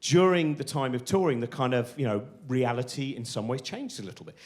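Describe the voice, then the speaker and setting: Animated man telling comic stories. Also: medium pitch, fairly quick. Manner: animated, excitable, acts out voices of people in his anecdotes. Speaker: comedian. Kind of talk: stand-up storytelling.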